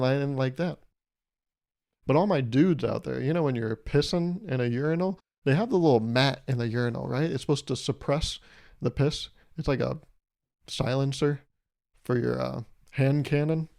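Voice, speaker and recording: A man's voice: mid-range voice, darkish tone. A young man hosting his own podcast, riffing through a crude, rambling comedic monologue with a self-amused edge. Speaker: podcast host.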